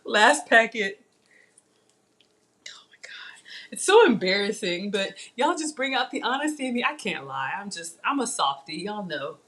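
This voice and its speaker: A woman's voice: medium pitch, sing-song, moderate pace, few pauses, fairly bright tone. A woman hosting a live cooking demo, chatting to her viewers while she cooks in a playful, self-teasing way. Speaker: cooking livestream host.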